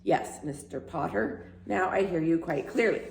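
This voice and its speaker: A woman's voice: lowish voice, expressive, unhurried, gravelly, slight background noise. A woman voicing a bumbling, over-polite city hall clerk on the telephone in a storybook. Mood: officious.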